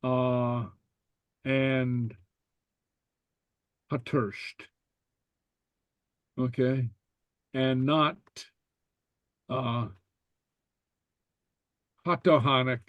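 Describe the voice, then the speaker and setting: A man teaching a language class, explaining slowly and stopping often with fillers and repeated okays. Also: medium pitch, steady tone, no room sound, highs cut off. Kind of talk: relaxed online class explanation.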